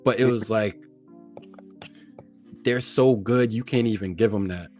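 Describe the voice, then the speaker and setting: A man's voice: fairly low pitch, unhurried, a little mellow, soft background music. A man hosting a casual podcast chat, laid-back and calling people "bro". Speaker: podcast host.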